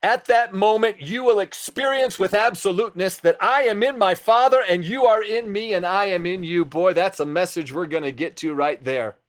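A man's voice: high voice, moderate pace, hardly any pauses. A middle-aged man preaching a sermon, impassioned and exhorting, often turning to address his listeners directly.

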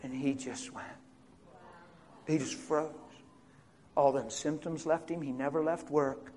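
Animated preacher man, slightly high voice. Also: measured pace, a little hiss or hum. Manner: swings from loud excited bursts to hushed tones; laughs as he talks. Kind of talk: storytelling sermon.

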